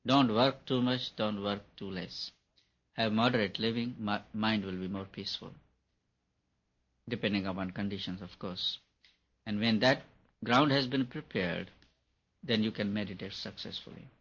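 A man's voice: fairly low pitch, fairly even intonation, normal speed, long pauses, fairly bright tone. A man giving a spiritual talk on meditation, repeating his points for emphasis. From India. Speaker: meditation teacher. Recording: dull lo-fi recording.

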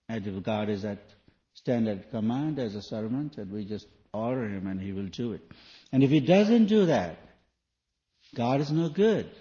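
Man, sermon, earnest questioning, mellow, dull lo-fi recording. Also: lowish voice, lively intonation, moderate pace. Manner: questioning, earnest, with shifts between soft and loud. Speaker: spiritual teacher.

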